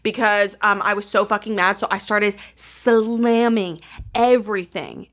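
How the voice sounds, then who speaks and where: A young woman co-hosting a podcast, telling a story in casual chat with lots of swearing and animated outbursts. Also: mid-range voice, unhurried. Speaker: podcast co-host.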